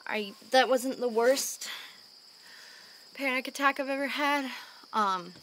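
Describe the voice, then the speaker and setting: A young woman speaking candidly to her camera at home, her bright voice earnest and open, with frequent sighs and soft fillers as she settles after a panic attack. Faint crickets and insects chirp behind her in the evening quiet. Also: medium pitch, slight background noise. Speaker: vlogger. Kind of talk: candid personal talk to camera.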